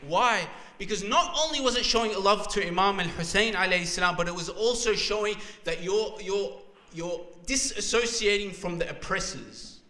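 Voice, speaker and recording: A man's voice: sits high, normal speed, pushed and bright. A man giving a passionate, emotional sermon at a religious gathering, often restarting his words. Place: large hall at a community religious program. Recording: echoey hall reverb.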